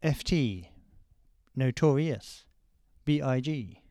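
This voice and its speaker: A man co-hosting a podcast, chatting casually and teasing his co-host with deadpan asides. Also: medium pitch, takes it slowly. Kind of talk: casual banter.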